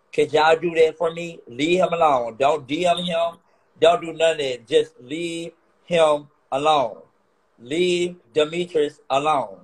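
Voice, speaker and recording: An angry, hurt man vents to his live stream audience. His voice sits a little high, and he circles back over the same complaints again and again, swearing as he goes. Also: poor audio. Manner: upset, repetitive, swearing. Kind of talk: emotional rant to viewers.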